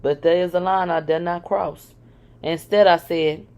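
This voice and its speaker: A woman reads a first-person memoir aloud in a fairly low voice. She is frank, and she breaks in with dry, sarcastic asides. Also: steady tone, measured pace, darkish tone. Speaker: reader of a memoir.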